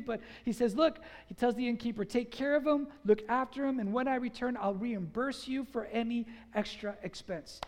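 Lively preacher in a reverberant hall. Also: medium pitch. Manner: energetic and conversational, has the congregation repeat phrases; casual filler "like" throughout. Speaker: pastor. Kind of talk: sermon.

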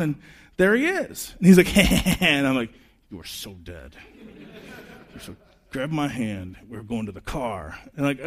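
Animated, chatty preacher with a raised pitch. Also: male voice. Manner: animated, chatty storytelling with quick asides. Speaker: pastor. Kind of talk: conversational sermon with personal stories.

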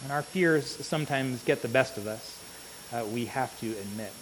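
A man preaching a sermon in an earnest manner, often checking in with the congregation with a quick "right?". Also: medium pitch. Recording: long reverb with faint hiss.

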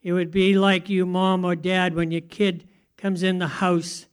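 High-voiced male preacher. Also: level tone, unhurried, clear, resonant tone. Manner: conversational, asks the audience questions. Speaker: pastor. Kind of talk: sermon.

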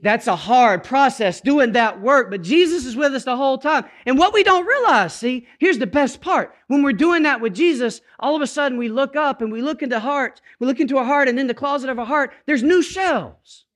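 A man preaching a sermon, moving from quiet, intimate passages to emphatic, rising calls to the congregation. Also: very high-pitched, lively intonation, normal speed, few pauses. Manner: dynamic preaching, swings from hushed to emphatic. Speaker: pastor.

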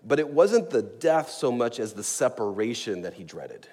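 A man preaching a sermon as a pastor, earnest and emphatic, slowing down to stress key words. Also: medium pitch, big pitch swings, a little mellow, husky. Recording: long reverb of a large hall.

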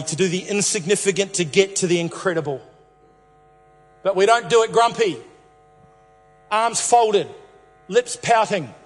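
A man's voice: high-pitched, big-room sound. A man preaching a sermon as a pastor, telling a Bible story playfully and returning to the same catchphrases again and again.

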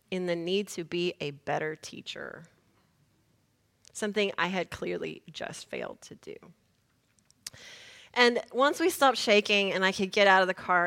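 A woman preacher, telling a lively story in a sermon and shouting the lines she retells. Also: medium pitch, vocal fry.

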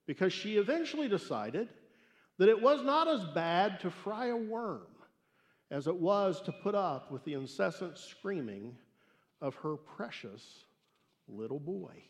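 A man preaching a sermon and telling a story, emphatic and swinging between loud declarations and hushed asides. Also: high voice, sing-song, unhurried. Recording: echoey hall reverb.

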